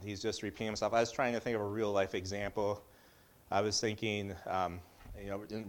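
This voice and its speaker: A middle-aged man giving a casual Bible teaching in a conversational way, with joking asides and frequent restarts. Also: sits low.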